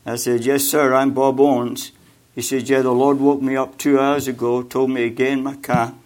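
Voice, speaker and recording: With a mid-range voice and a level tone, an older man delivers a sermon with personal testimony. His speech is halting, packed with fillers and repeated words, and gets louder and more emphatic during exhortation.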